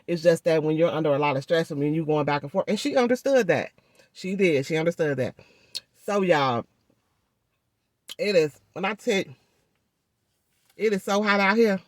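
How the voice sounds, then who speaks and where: A woman vlogger telling a story in a chatty, animated way, speaking through a swollen jaw and addressing viewers directly. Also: low-pitched, moderate pace, long pauses, dry recording, studio quality. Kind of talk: casual storytelling vlog.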